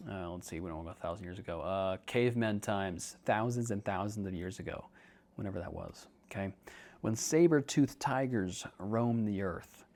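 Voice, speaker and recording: A man's voice: low voice, normal speed, a little mellow. A young man hosting a podcast, talking casually and joking as he explains ideas to listeners. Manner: chatty, jokey, calls listeners dude. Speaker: podcast host and counselor.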